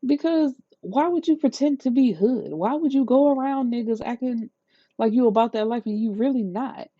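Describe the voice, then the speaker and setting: A woman reviewing a book in a casual rant, retelling the plot in an incredulous, profane, lively way. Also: fairly high pitch, moderate pace, no echo. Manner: incredulous, profane, animated storytelling. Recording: slightly dull lo-fi sound, dry.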